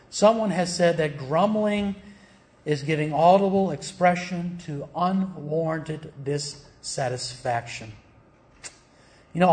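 A man preaching a sermon as pastor. He keeps asking the congregation rhetorical questions, calls them beloved, and acts out quoted voices with a raised, louder voice. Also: a little high.

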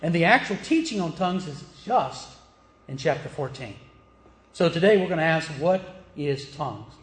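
Southern preacher guy, highish voice, plain and emphatic, lots of questions to the room, echoey. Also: animated, moderate pace. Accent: Southern American. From American South. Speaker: pastor. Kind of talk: sermon.

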